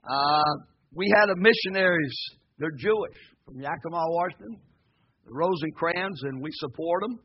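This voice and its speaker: A man preaching to his congregation, folksy and joking, often swelling into shouted hallelujahs. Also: high-pitched, expressive, normal speed, breathy edge, muffled recording. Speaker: pastor. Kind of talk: sermon. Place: church sanctuary before a congregation.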